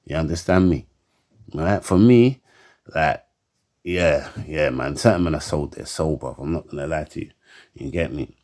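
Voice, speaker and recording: Deep-voiced man, heated rant to camera, repetitive and stammering. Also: moderate pace, a little mellow. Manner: heated and emphatic, keeps asking for agreement; stammers and repeats words. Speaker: commentator.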